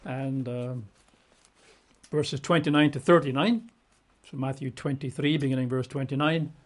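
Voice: mid-range voice, fairly even intonation, moderate pace. A preacher giving a Bible exposition sermon, emphatic and conversational, piling up repeated synonyms with casual asides.

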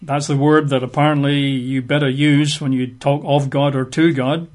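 A man's voice: mid-range voice, little pitch movement, moderate pace, a little mellow. A man teaching a Bible study in a methodical way, spelling out words letter by letter and posing rhetorical questions. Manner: rhetorical questions, emphatic asides.

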